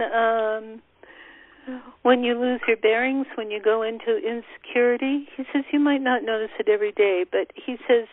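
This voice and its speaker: A woman hosting a spiritual teleconference, calmly guiding a breathing meditation and relaying a teacher's words. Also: fairly high pitch, no echo. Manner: calm, slow instructions relaying a teacher's words. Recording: tinny phone line.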